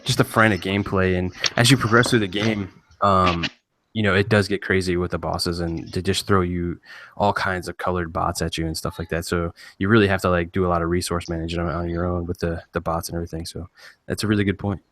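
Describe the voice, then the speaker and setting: A man on a gaming podcast speaking in relaxed casual talk, with filler words. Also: low-pitched, fast, a little hiss or hum. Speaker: podcast panelist.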